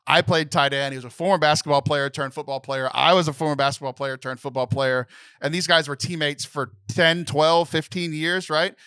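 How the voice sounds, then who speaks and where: Tearful, bright-voiced young man. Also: on the high side, steady tone, moderate pace, clear, resonant tone, no room sound, studio quality. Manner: emotional, near tears, rambling with restarts. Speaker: podcast co-host. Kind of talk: casual chat.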